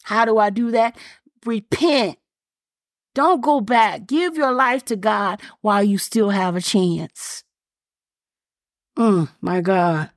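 A woman's voice: a little high, expressive, slow pace, no room sound, clean studio sound. A woman pastor preaching a fervent sermon, repeating her points and firing rhetorical questions in a casual, folksy way. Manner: colloquial Southern-style phrasing like y'all and ain't.

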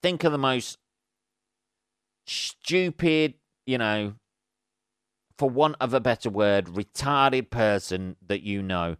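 A man's voice: mid-range voice, expressive, slow, pauses often, fairly bright tone, smooth, no echo, clean studio sound. A man hosting a podcast alone, rambling in a casual, sweary, sarcastic way and laughing at his own jokes. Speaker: podcast host. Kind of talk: casual solo monologue.

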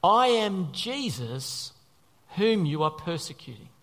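A solemn male voice from heaven speaks slowly and deliberately, as a preacher reads it out. The tone sits fairly high and carries through the long echo of a large hall. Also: sing-song, a bit bright, heavily acted.

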